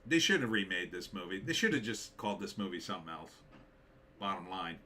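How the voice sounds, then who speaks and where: A man's voice: low voice, animated, fairly quick, pushed and bright. A man hosting a live stream, reading viewer comments aloud and answering them with blunt, dismissive opinions and many fillers.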